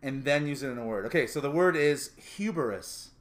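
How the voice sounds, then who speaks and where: A man's voice: mid-range voice, animated, normal speed, crowd noise. A man hosting a casual comedy podcast, loose and joking, laughing often. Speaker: podcast host.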